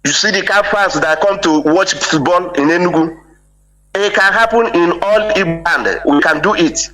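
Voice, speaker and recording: Emphatic male caller with a bright voice. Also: high voice, moderate pace, soft background music, rough recording. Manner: emphatic, repeats "eh?" for agreement. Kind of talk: impassioned call-in speech.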